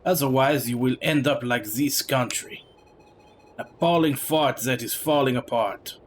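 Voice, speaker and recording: A man's voice: mid-range voice, unhurried, slight background noise, close to an everyday voice. A man voicing a rude, scornful male knight with a put-on French accent, sneering as he reads game dialogue.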